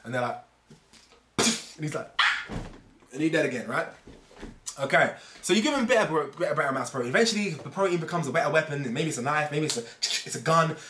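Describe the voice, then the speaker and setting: A man's voice: fairly high pitch, lively intonation, rapid-fire, background noise. A man talking casually to camera as a fitness vlogger, rambling and fond of analogies. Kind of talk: casual explainer monologue. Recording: echoey room.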